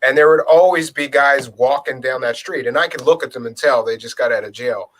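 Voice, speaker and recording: A man's voice: mid-range voice, a little fast, low-quality recording. A man from around Philadelphia telling stories in casual chat, acting out the lines he quotes. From Philadelphia area. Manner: storytelling, animated, acts out quoted lines. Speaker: co-host.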